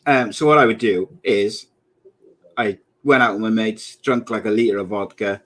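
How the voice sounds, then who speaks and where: A man's voice: lowish voice, fairly even intonation, moderate pace, a bit bright. A man in his thirties co-hosting a casual podcast chat, joking and often laughing at his own gags. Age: 30s. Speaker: podcast co-host.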